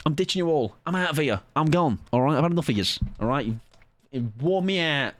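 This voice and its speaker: A man's voice: a little high, expressive, brisk, a bit bright, no echo. A young man closing out his stream in casual chat, rambling and self-mocking, rattling off goodnights and plans in a sing-song way.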